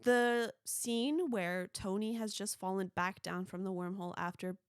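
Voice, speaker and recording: Chatty young woman with a gravelly voice. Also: mid-range voice, unhurried, no echo, clean studio sound. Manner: chatty, rambling, frequent "like". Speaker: podcast host. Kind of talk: casual solo movie podcast.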